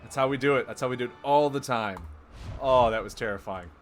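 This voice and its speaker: Excitable male card game streamer. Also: mid-range voice, fairly quick, soft background music. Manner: excitable, self-mocking, thinks aloud. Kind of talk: live card game commentary.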